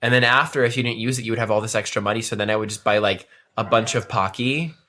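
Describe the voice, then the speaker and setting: A man's voice: on the low side, fairly even intonation, fast talker, bright, forceful tone. A young man in his twenties co-hosting a comedy podcast, telling rambling stories full of fillers in casual chat. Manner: rambling, filler-heavy storytelling. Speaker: podcast co-host.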